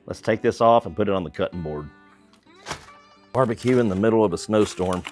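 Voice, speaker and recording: A man hosting a barbecue cooking vlog outdoors in the snow, relaxed and enthusiastic, chuckling often and feeling the cold. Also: on the low side, normal speed, long pauses, soft background music. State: cold from the weather. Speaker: barbecue cooking channel host.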